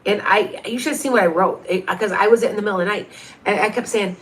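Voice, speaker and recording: A woman's voice: mid-range voice, fast. A woman in her fifties, a medium hosting a livestream, chatting casually through viewer questions with lots of restarts and asides. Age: 50s.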